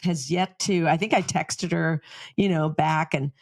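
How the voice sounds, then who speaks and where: A middle-aged woman co-hosting a podcast, telling stories in a lively, chatty way and laughing often. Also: low-pitched, unhurried, no room sound. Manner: animated storytelling, laughs often. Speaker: podcast co-host. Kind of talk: casual chat.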